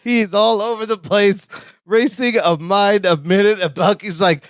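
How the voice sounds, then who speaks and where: A man co-hosting a podcast, chatting casually about a sitcom with quick jokes and mock-official asides. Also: high-pitched, steady tone, smooth, no echo, studio quality. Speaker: podcast co-host. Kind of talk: casual chat recapping a sitcom.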